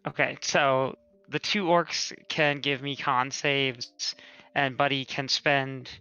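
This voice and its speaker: A man playing in a tabletop game, calm and rules-minded. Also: medium pitch, slow, clear, resonant tone, dull audio, soft background music. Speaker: player.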